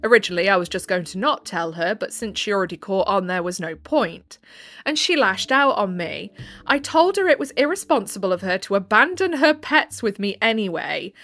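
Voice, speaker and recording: A woman's voice: mid-range voice, lively intonation, normal speed, a bit bright. A woman reading online posts aloud, breaking off for chatty, exasperated asides. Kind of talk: casual storytelling with commentary.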